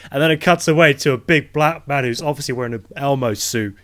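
A man's voice: medium pitch, fast, fairly bright tone. A man co-hosting a podcast, telling exaggerated comic stories and making wry remarks in casual chat. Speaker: podcast co-host.

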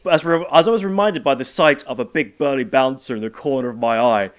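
A man's voice: mid-range voice, a little fast, clean tone. A man from England telling a dry, self-mocking story as a podcast co-host. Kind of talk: comedic podcast chat.

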